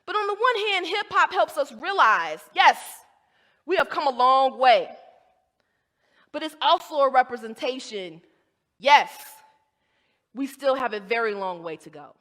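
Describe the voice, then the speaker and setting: A woman's voice: high-pitched, lively intonation, measured pace, long pauses, a bit bright. A woman from the American South, giving an emphatic academic talk with rhetorical asides. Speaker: guest lecturer. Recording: long hall reverb.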